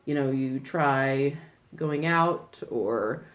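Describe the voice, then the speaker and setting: A woman's voice: a bass voice, extremely slow. A woman in her forties, co-hosting a casual chat and speaking candidly. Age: 40s.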